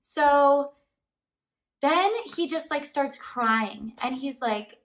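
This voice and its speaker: In a very slow, slightly high voice, a woman vlogger relaxes into a chatty storytime for her camera, animatedly recounting events and using "like" as filler all the way through. Her voice comes across a bit distant, as though the mic were placed some way away.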